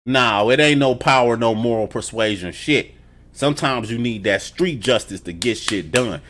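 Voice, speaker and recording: Male TV reviewer, loose and animated, swears freely, chuckles while retelling scenes. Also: mid-range voice, moderate pace. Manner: animated, profane storytelling; laughs between remarks. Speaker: TV episode reviewer. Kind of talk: casual reaction review.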